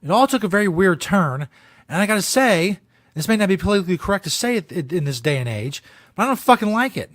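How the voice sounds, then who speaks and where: A man hosting a comedic show, ranting about a video in profane, deadpan mock outrage. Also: high-pitched, fast, dry recording. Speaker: host.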